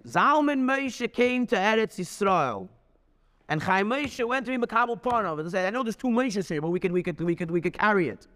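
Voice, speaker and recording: A man teaches with animated, emphatic energy, often repeating himself as he builds a story. His voice sits a little higher than most men's. The sound rings with long reverb, as in a large hall. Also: a little fast. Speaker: Torah teacher. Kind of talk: lively lecture with storytelling.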